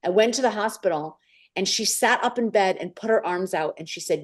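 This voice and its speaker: A woman, a podcast guest, telling a long personal story in an animated way and acting out the voices of the people in it. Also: mid-range voice, a little fast. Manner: animated, acts out quoted voices.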